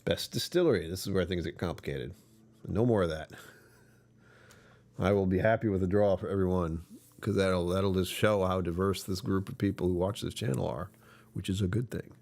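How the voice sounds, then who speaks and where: A man with a rumbly, somewhat low voice talks casually to his livestream audience. He sounds worn out and tired, yet keeps joking and laughing as he chats. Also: moderate pace, gravelly, a little mellow. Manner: chatty, joking, often laughing. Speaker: livestream host.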